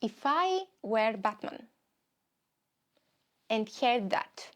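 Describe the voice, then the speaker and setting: A young woman from Greece with a Greek accent, hosting a comedy podcast in an animated, rambling way. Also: on the high side, very slow. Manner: animated, rambling, stop-start storytelling. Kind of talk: solo comedic podcast monologue.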